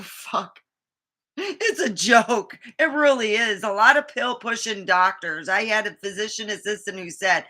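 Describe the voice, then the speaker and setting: A woman's voice: medium pitch, lively intonation, unhurried, bright, forceful tone. A woman vlogger telling a rambling, indignant story about a doctor's visit, acting out the quotes. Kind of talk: casual monologue.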